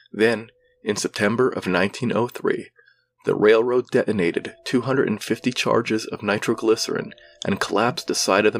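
A man narrating a regional ghost legend in a measured, somber storytelling style. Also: lowish voice, a little hiss or hum.

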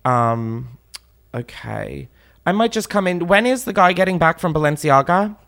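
A man's voice: a little high, lively intonation, unhurried, vocal fry, a bit bright. A man hosting prank calls, chatty and casual, swearing and laughing between calls. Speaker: prank call host. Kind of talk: casual prank call chat.

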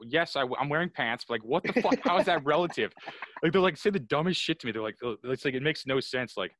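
A man's voice: on the high side, lively intonation, quick pace, a bit bright, slight background noise. A man in casual podcast chat, rambling and ranting with heavy profanity and constant fillers.

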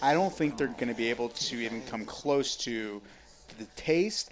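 A male podcast co-host chatting casually, telling stories in an animated way and often repeating himself. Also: mid-range voice, moderate pace. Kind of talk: casual chat.

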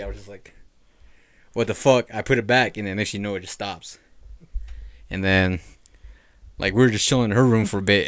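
A man's voice: on the low side, a bit bright, dry recording. A young man telling a spooky story in casual podcast chat, rambling and swearing, full of fillers. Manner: rambling, profane, lots of "like".

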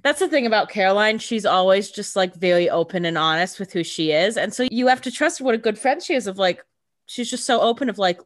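Young woman co-host, super expressive up-and-down voice, swears a lot, dry mic. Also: medium pitch, brisk, no echo. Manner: lively, blunt, swears for emphasis. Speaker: podcast co-host. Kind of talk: casual chat, commentary on a show.

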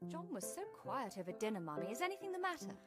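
A woman's voice: a little high, sing-song, fast talker, over music. A woman playing a sweet, girlish younger sister.

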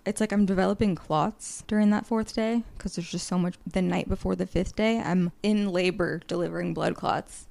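A woman in her late twenties hosts a solo podcast from a low chair indoors. She rambles and swears her way through a list of topics with frank, tangent-prone candor, and her voice sits mid-range with a gravelly vocal fry. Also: mellow. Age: late 20s. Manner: rambling, candid and profane, going off on tangents. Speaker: podcast host.

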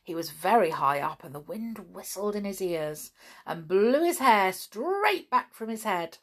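Woman, children's story reading, gentle, expressive, slow, very lively pitch.

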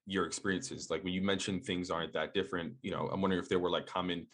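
Husky low-voiced male podcast host. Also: quick pace. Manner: animated, casual, says "yo". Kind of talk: conversational interview.

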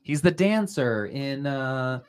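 Male podcast co-host, lively rising and falling voice, wry and self-deprecating in casual movie talk. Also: medium pitch, slow pace, clean tone. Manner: wry, animated, self-deprecating, laughs often.

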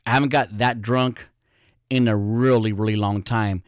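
A man's voice: on the low side, steady tone, normal speed, no room sound, clean studio sound. A man hosting his own podcast, ranting bluntly in a casual, profane, rambling way. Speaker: podcast host. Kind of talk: casual solo podcast rant.

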